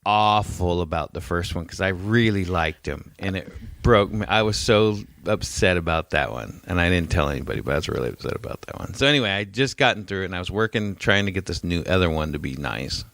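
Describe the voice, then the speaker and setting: A man's voice: deep voice, lively intonation, fairly quick, creaky, few pauses, a bit bright, no room sound. A man co-hosting a casual podcast, telling stories bluntly and cursing freely. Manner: profane, blunt storytelling. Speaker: podcast co-host. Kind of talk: casual chat.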